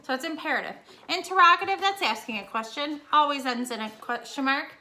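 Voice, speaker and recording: A woman's voice: high-pitched, brisk, bright, forceful tone. A young woman teacher recording a casual home lesson for her students, explaining each step in a chatty way.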